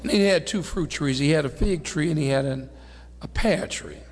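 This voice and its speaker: A middle-aged man preaching a sermon, rising to shouts and then dropping low, with call-and-response phrasing. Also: moderate pace, in a large hall.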